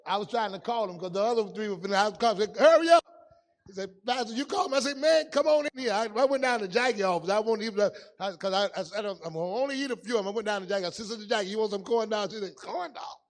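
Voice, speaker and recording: A male pastor preaching a sermon in a church, telling stories and swinging from loud calls to hushed asides. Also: high voice, racing, few pauses, long reverb tail. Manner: storytelling preacher, swings from loud to hushed, folksy Southern-style grammar.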